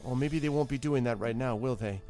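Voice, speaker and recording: A man's voice: medium pitch, brisk, mellow, soft background music, pitched above the performer's own voice, close to an everyday voice. A man voicing a young, frightened girl who speaks hesitantly and anxiously.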